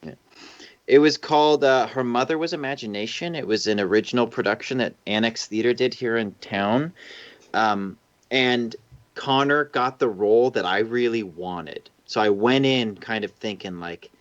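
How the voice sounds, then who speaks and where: A man telling stories in casual livestream chat, animated and swearing now and then. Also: mid-range voice, normal speed. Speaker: show host. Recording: dull lo-fi stream audio.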